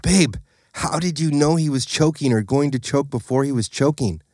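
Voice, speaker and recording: A male audiobook reader putting on a young woman's voice, calmly reassuring her partner. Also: medium pitch, normal speed, slightly rough, no room sound, studio quality, pitched above the performer's own voice, close to an everyday voice. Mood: soothing. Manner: soothing, dismissive.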